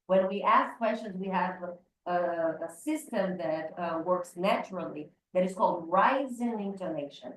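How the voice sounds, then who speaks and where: A woman teaches an English lesson in a lowish voice, stopping and restarting as she explains. She sits back from the mic in an echoey room. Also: moderate pace, hardly any pauses, fairly bright tone, recorded from a distance, slight background noise. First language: Portuguese. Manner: hesitant, many fillers and restarts. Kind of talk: online class explanation.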